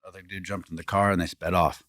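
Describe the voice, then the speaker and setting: A man, a podcast guest telling a story in rambling, animated casual talk full of restarts. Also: deep voice, fast talker, no echo. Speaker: podcast guest, former fighting champion.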